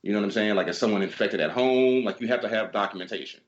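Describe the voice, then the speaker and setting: A man co-hosting a podcast, telling stories in a loose, animated way, swearing freely and acting out the exchanges. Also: lowish voice, quick pace, lo-fi sound. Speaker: podcast co-host. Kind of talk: casual chat, storytelling.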